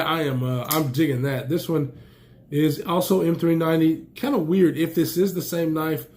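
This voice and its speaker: Casual excitable male gear reviewer, slightly raised pitch, allergy-stuffed, rambling. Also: slight background noise. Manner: enthusiastic, rambling, exclaims often. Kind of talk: casual unboxing chat.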